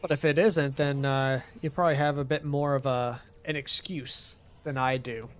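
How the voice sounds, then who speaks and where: A man's voice: medium pitch, fairly even intonation, moderate pace, faint music behind. A young American man streaming a game, chatting with his viewers in a rambling, easygoing way and laughing often. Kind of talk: casual chat while playing a game.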